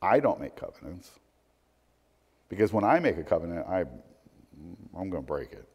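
A man preaching a sermon, swinging between emphatic points and hushed, conversational asides. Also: sits low, big pitch swings, normal speed, slightly rough. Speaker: pastor. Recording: long hall reverb.

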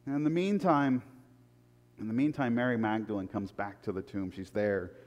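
A man preaching a sermon in a lively, conversational way. He swings between loud, emphatic peaks and hushed, low asides, and often repeats words. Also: normal speed, highs cut off. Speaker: pastor. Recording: long hall reverb.

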